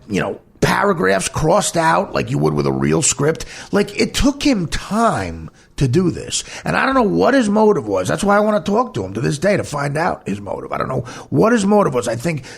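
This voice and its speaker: A man's voice: on the high side, creaky, breathy edge. A man, a comedian hosting a podcast, telling a candid personal story in a blunt, emphatic, heated way.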